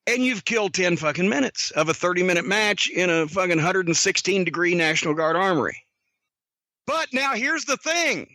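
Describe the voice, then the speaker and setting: A man hosting a podcast and telling a story in a profane, animated way. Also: high voice, no room sound. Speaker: podcast host.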